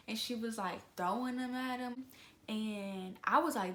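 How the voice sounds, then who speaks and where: A young woman telling a story to camera in a casual, slangy, animated way. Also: mid-range voice, normal speed, echoey room. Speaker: vlogger.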